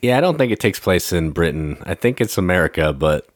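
A man co-hosting a casual board game podcast, explaining rules in a relaxed way full of fillers. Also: low-pitched, a little fast, dry recording, clean studio sound. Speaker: podcast co-host.

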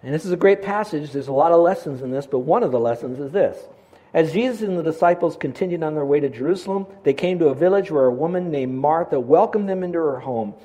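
Animated older male preacher, fairly high voice. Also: fast, low-quality recording. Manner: animated storytelling, swings from loud to hushed; repeats words when excited. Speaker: pastor. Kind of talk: sermon.

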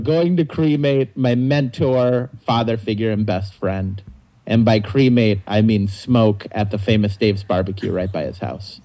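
A man's voice: lowish voice, poor audio. A young adult man, a comedian guest, telling stories in casual chat and laughing through them. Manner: animated storyteller, laughs through his own stories.

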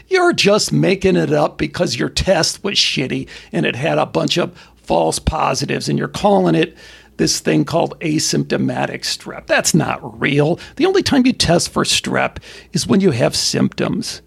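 A middle-aged man talking as a podcast guest, blunt and profane, telling stories in an animated way. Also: a little high, a little slow, gravelly, husky. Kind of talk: casual conversation.

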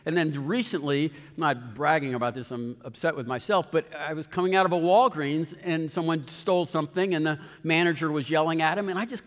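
A man's voice: fairly high pitch, fairly quick. Earnest preaching man, echoing hall. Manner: earnest, animated storytelling with quoted voices. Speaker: pastor. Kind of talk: sermon. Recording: long hall reverb.

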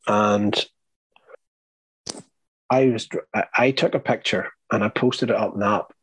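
Husky Irish man, low and earnest. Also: steady tone, a bit bright, poor audio. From Ireland. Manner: earnest, halting, with many restarts. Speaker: guest. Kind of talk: personal story in an interview.

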